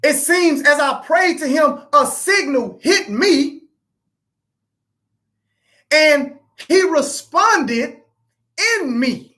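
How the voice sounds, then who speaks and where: Brief: bereaved woman testifying on a live stream, halting and repetitive, a fairly high voice. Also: animated, a bit bright. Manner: halting, repeats herself, addresses listeners as family. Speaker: grieving parent hosting a live stream.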